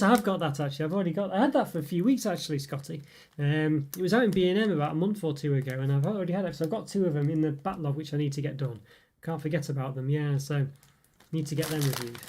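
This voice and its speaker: On a casual livestream, a man reviews snacks and answers viewer comments, rambling with lots of fillers and chuckles. His voice is fairly high and warm.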